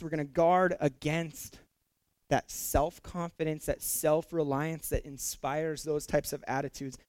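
A middle-aged male pastor delivers a conversational sermon full of fillers and repeated words, building to emphatic peaks. His voice sits high, with no room sound.

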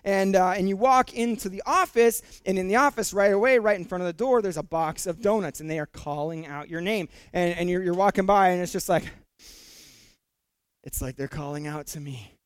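A man's voice: high voice, brisk, smooth, dry recording. A male pastor preaching a casual, joking sermon who often stumbles into repeated words. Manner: conversational and jokey, repeats words when excited.

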